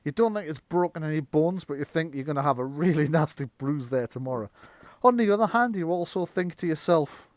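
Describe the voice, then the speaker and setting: Male GM, relaxed chatty delivery, slightly higher voice, dry close sound. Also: no echo. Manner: chatty, laughs often, slips into quick character voices. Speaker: game master. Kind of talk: narrating a tabletop game.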